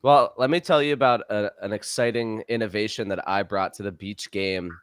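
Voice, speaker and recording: A young man co-hosting a podcast, chatting casually in an energetic, playful way. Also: on the low side, moderate pace, smooth. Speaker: podcast co-host.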